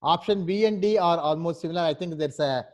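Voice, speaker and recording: A man's voice: a little high, a little fast. A man teaching a class, explaining step by step and often checking with "right?". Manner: patient, repeats "right?" to check understanding. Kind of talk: online class instruction.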